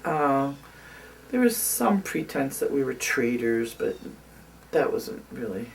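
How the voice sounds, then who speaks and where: Older woman telling a lively story. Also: very deep voice, takes it slowly, vocal fry, distant mic, slight background noise. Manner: animated storytelling with many fillers. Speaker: interviewee. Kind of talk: oral history recollection.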